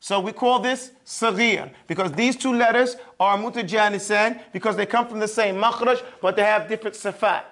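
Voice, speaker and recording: Leading a class in Quran recitation, a man with a fairly high, slightly bright voice works slowly through each sound, repeating it several times, and frequently stops to check that everyone is keeping up.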